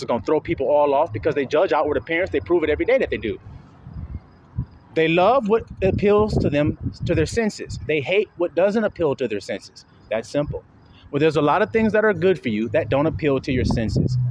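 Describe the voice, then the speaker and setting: High lively-voiced man preaching. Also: noisy background. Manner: preachy, plays mock voices of listeners, swings loud and hushed; casual slangy talk with swearing. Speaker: self-styled preacher. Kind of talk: street-style preaching monologue.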